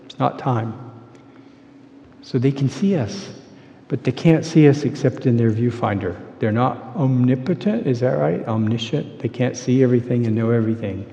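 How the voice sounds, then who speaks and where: Male preacher, sermon, mellow warm tone, dull lo-fi recording. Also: mid-range voice, moderate pace, gravelly. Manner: animated storytelling, dropping to quiet intensity. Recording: dull lo-fi sound with long hall reverb.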